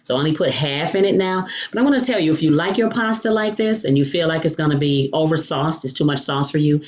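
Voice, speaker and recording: A woman's voice: low voice, animated, fast. Chatty woman cooking-show host, lo-fi sound. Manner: chatty, sprinkles in endearments like honey and baby; playful food exclamations. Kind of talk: home cooking demonstration.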